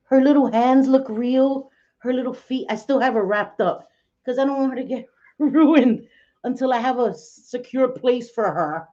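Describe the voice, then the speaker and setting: A woman's voice: fairly high pitch, moderate pace, warm tone. A middle-aged woman hosting a casual livestream from home, chatty and laughing often as she talks to viewers by name. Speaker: livestream host. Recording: dull lo-fi stream audio.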